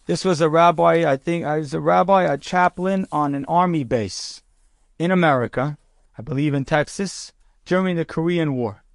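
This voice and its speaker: A man, a rabbi, telling a story in a sermon with a conversational, animated manner. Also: on the high side, normal speed, vocal fry, dry recording, soft background music.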